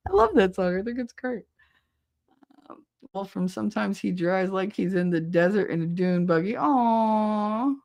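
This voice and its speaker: A middle-aged woman hosts a casual livestream chat, her medium-pitched voice gravelly and a little mellow at a measured pace. Irreverent and profane, she laughs often and acts out quotes as she reads the chat aloud like a podcast host.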